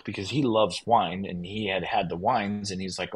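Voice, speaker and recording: Excited low-voiced man telling a story. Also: moderate pace, few pauses, husky, low-quality recording. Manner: enthusiastic, rambling, quotes others in lively bursts. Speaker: winery owner, podcast guest. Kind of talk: casual interview storytelling.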